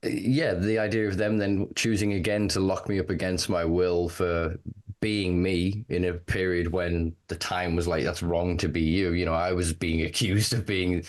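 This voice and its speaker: A man hosting a podcast, talking candidly in a casual, animated way and swearing freely. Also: low voice, normal speed. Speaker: podcast host. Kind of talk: casual conversation.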